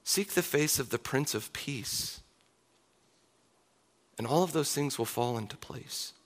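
A man's voice: mid-range voice, lively intonation, measured pace. A man in his thirties, a pastor preaching a sermon in an earnest, confessional way. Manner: earnest, confessional, closing in soft prayer.

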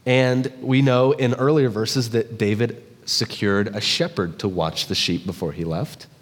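A male pastor giving a sermon, telling jokes and stories in an animated way. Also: fairly low pitch, measured pace. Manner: animated storytelling, joking asides. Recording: long hall reverb.

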